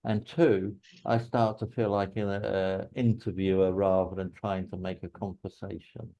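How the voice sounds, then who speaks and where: A man with an English accent, a teacher explaining English usage in a relaxed way and telling anecdotes. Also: low voice, normal speed, creaky, dull audio.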